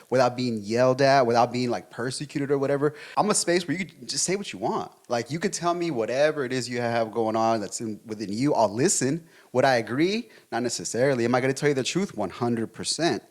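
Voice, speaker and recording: A man co-hosting a relationship podcast, debating his partner in a fast, emphatic way and swearing freely. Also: medium pitch. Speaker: podcast co-host.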